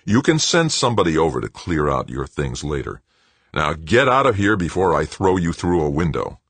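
A commanding, angry stepfather, played by a deep-voiced male narrator close to his own voice. He speaks through his teeth and bites off each word. The tone is husky and heard dry and close. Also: expressive, a little slow, no room sound, full character voice. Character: middle-aged man, angry, commanding stepfather.

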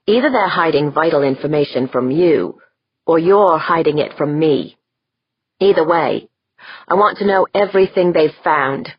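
A woman's voice: deep voice, moderate pace, slightly rough, no room sound, muffled recording. A woman reading the part of an imperious, demanding woman commander who snaps her words in a storybook reading. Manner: curt, snapping, commanding.

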